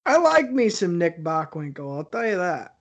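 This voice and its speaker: A man's voice: high-pitched, sing-song, moderate pace. A man co-hosting a podcast in laid-back, crude casual banter. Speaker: podcast co-host. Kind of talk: casual chat.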